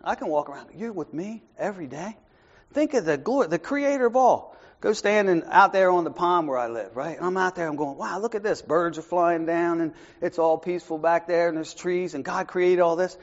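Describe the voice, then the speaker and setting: Man preaching at a Bible study, conversational, soft asides then raised emphasis, somewhat high voice, muffled lo-fi recording. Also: lively intonation, normal speed. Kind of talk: informal Bible study sermon.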